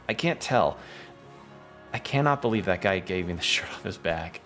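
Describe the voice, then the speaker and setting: A man's voice: sits low, animated, moderate pace, a bit bright, faint music behind. A man streaming a game, chatting casually and thinking aloud about where to go next. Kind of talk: casual gameplay commentary.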